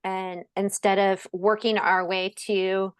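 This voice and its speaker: A woman's voice: medium pitch, flat delivery, slow, clean tone, no room sound. A woman speaking at a webinar in a casual, earnest way, with frequent fillers and restarts. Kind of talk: presentation at a webinar.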